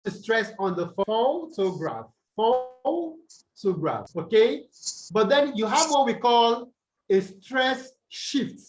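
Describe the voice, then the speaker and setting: Man, Nigerian accent, high voice, teacher, online lesson, video call, asks students questions. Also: expressive, takes it slowly, poor audio. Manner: explains step by step, asks students to answer.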